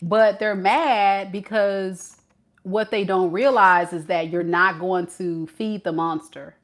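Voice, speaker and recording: A woman's voice: medium pitch, steady tone, slow pace. A woman giving a casual tarot reading, chatty and playful, with slangy phrasing. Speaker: tarot reader.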